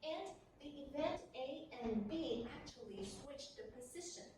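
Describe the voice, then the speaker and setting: A woman's voice: sits high, lively intonation, unhurried. A woman with a Taiwanese accent teaching an English grammar lesson in class, repeating key words and answering her own questions. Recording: echoey classroom from far off, with noise.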